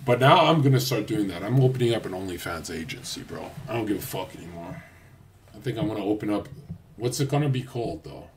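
A man's voice: on the low side, expressive, fast, slight background noise. Guy ranting on his stream, cocky and crude, cusses nonstop, loses his thread and restarts. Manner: crude, boastful, heavy swearing; rambling, loose, trails off and restarts. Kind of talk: casual livestream rant.

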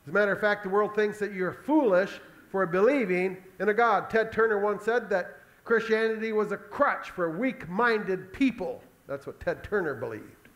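High-voiced pastor preaching with animation. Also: male voice, moderate pace, hardly any pauses. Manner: animated, storytelling, acts out Bible scenes. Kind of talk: sermon.

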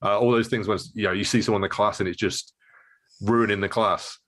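A man with a slightly low voice in a casual chat about training. He thinks aloud and hedges with filler words as he works through his ideas. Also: steady tone, brisk, fairly bright tone. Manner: thinking aloud, hesitant, full of "like" and "you know". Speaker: martial arts coach and show co-host.

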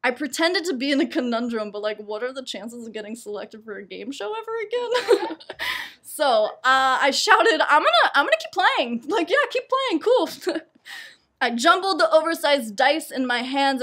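A young woman tells a personal story for a live showcase. Her voice sits a touch high, and she keeps breaking into laughter as she pokes fun at herself. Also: normal speed. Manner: laughs often between lines, lively and self-mocking.

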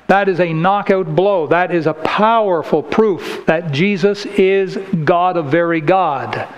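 A man's voice: high voice, a little slow, muffled recording. A man preaching a sermon in church, emphatic and combative, reading scripture aloud and hammering his points. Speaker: pastor.

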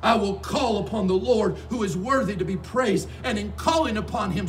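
A male pastor preaching a sermon in a fervent, repetitive way that rises to shouts. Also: high-pitched, lively intonation, moderate pace, soft background music. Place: church sanctuary. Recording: distant mic with faint background noise.

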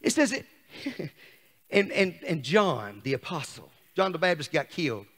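Fervent pastor, high and bright-voiced, shouts then drops hushed, long church reverb. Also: male voice, big pitch swings, moderate pace, breathy edge. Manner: shouts and swings between loud and hushed. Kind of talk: fiery sermon. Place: church sanctuary.

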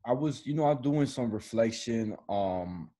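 A young man tells a story on a casual podcast. His voice is husky and sits at a middle pitch, and he gets animated and laughs often as he talks. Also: unhurried. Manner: animated, laughs often while telling stories. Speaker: podcast co-host.

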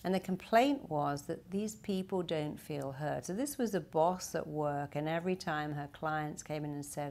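A woman's voice: low-pitched, moderate pace, hardly any pauses, darkish tone. An older woman giving a direct-to-camera self-help talk, acting out quoted voices in short bursts. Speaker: therapist and self-help speaker.

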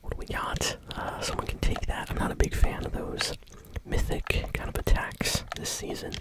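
An unvoiced, breathy whisper carries this ASMR gameplay commentary, with gum chewing woven through the talk. The host speaks close to the microphone, relaxed and unhurried, pausing on little "uh"s between thoughts. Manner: chewing bubblegum while talking; relaxed, unhurried, with small hesitations. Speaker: gaming channel host.

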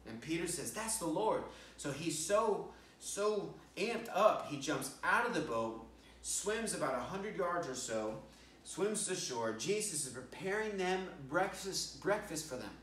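A man preaches a storytelling sermon, slipping into the quoted lines as he goes. His voice sits a little high for a man, and it is picked up from across an echoey church room. A faint hum of room noise sits behind him. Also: lively intonation, unhurried, a bit bright. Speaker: pastor. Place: church sanctuary. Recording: roomy church sound from a distant mic.

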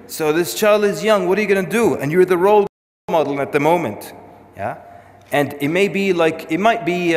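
Guy in his 30s giving a conference talk, jokey storytelling, mid pitch, echoey hall sound. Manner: storytelling, jokey asides with laughs, mixes in Arabic terms. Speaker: speaker at an Islamic conference. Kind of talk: conference lecture with humor.

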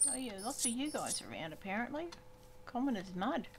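A woman's voice: a little high, big pitch swings, fairly quick, slight background noise. A woman giving chatty, exclamatory commentary on her gameplay and talking to the animals she meets. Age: older. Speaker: gaming YouTuber. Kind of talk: casual let's-play commentary.

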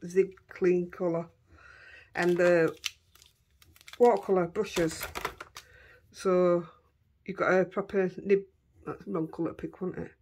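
A woman's voice: on the low side, steady tone, slow pace, pauses often, a little mellow, a little hiss or hum. A middle-aged woman with a Yorkshire accent chatting casually as she crafts, talking to herself and her dogs as she works. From Yorkshire, England. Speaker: craft vlogger.

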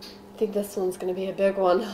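A woman's voice: mid-range voice, little pitch movement, fairly quick, warm tone, roomy sound, a little hiss or hum. A young woman hosting a home baking vlog in her kitchen, joking and rambling between steps. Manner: silly, rambling, jokey asides. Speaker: host of a home baking show.

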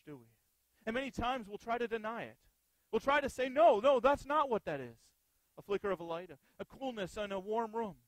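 A man's voice: sits high, no echo, poor audio. A male pastor preaching an earnest sermon, often putting rhetorical questions to the congregation.

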